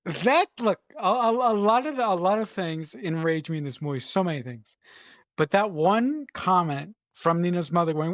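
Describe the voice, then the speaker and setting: A woman's voice: lowish voice, lively intonation, normal speed, no echo, studio quality. A woman co-hosting a film review podcast, chatting casually, often restarting her sentences and swearing for emphasis. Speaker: podcast co-host.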